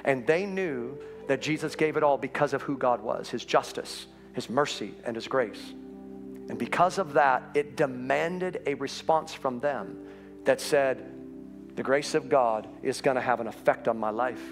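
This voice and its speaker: A man pastor preaching an Easter sermon in a church, his voice rising high and urgent as he presses his point. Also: unhurried, faint music behind. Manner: impassioned preaching that climbs in pitch and urgency. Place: church sanctuary.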